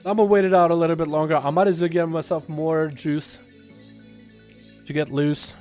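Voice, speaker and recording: A man's voice: a little high, steady tone, moderate pace, darkish tone, faint music behind, lightly acted. A man voicing a cocky young male rogue duelist in a casual, boastful way, in the middle of game commentary.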